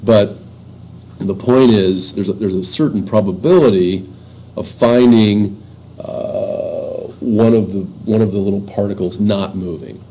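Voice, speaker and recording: Man lecturing casually with a mellow voice. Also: on the low side, breathy edge, low-quality recording. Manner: informal, halting, many fillers and restarts. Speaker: university lecturer. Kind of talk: classroom lecture.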